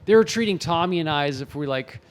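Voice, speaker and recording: A man in his forties, an actor and author, telling animated anecdotes in a casual interview and acting out the quotes. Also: on the high side, quick pace. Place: home in Los Angeles.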